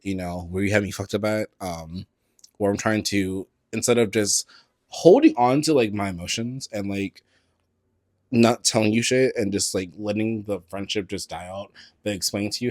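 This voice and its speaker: Sassy low-voiced man hosting a podcast. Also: moderate pace, dry recording, studio quality. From San Francisco Bay Area. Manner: sassy, animated, swears freely, with frequent laughs and slang. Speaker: podcast host. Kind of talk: casual solo podcast chat. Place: indoors at a table, on camera.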